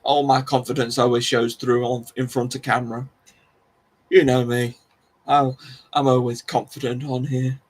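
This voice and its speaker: Here the livestream host speaks at normal speed with a medium pitch and flat delivery. He chats casually and ramblingly with viewers, running himself down, restarting often and laughing.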